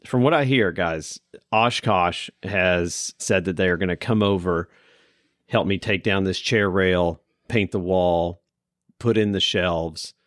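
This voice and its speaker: A man's voice: sits low, slow pace, fairly bright tone, no echo, studio quality. A man with a Kentucky accent hosting a podcast interview in an office room, chatting in a rambling, self-deprecating way. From Kentucky, USA. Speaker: podcast host.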